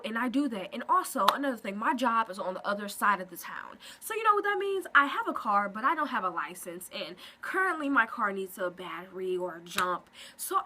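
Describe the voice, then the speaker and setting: A woman talking casually to camera at home in a vlog, expressive and animated with quick asides. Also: on the high side, a little hiss or hum. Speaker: vlogger. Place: at home, indoors.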